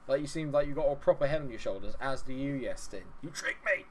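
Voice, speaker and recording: A man's voice: mid-range voice, quick pace, a little hiss or hum. Jokey streamer chatting with his viewers. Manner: chatty, jokey, laughs often, talks to chat. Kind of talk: live-stream chat with viewers.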